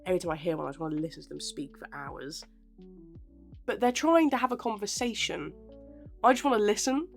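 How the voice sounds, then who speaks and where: A woman's voice: mid-range voice, expressive, fairly quick, creaky, pauses often, faint music behind. A woman in her twenties from England with a Southern English Portsmouth accent, chatting casually in a giggly, self-deprecating way. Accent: Southern English, Portsmouth area. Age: 20s. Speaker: aspiring actor vlogger. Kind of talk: casual chat.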